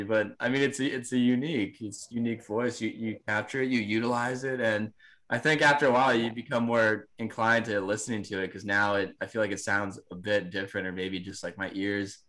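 Laid-back man with a monotone surfer voice. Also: mid-range voice. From New Jersey. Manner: laid-back, lots of fillers and agreement. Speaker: podcast host. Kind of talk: casual conversation.

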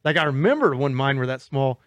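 A man's voice: medium pitch, big pitch swings, fast, a bit bright, dry recording, dull audio. A man in his forties, co-hosting a podcast in a studio, trading profane, joking banter. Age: 40s. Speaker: podcast co-host. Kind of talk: casual chat.

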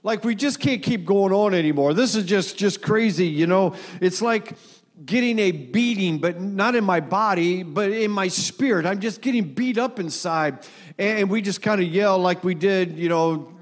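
A middle-aged man preaching a sermon in an earnest, folksy way, repeating words and using many fillers. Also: high-pitched. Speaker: pastor.

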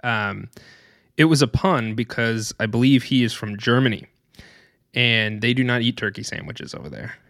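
A young man co-hosts a podcast, telling rambling stories in relaxed chat and laughing a lot. His voice is medium-pitched, creaky and a bit bright, at a moderate pace. The recording is dry, with clean studio sound.

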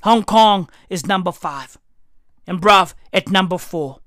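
A woman's voice: mid-range voice, unhurried, fairly bright tone, no echo, clean studio sound. A woman doing a profane comedic rant, heavy on slang, riffing and swearing constantly. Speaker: comedic commentator.

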